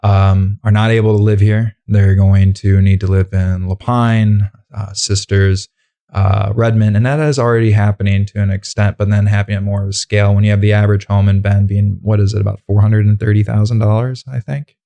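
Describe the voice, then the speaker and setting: A man's voice: on the low side, little pitch movement, fairly quick, creaky, warm tone. A man hosting a casual interview podcast, talking in a loose, rambling way with many fillers. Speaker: podcast host.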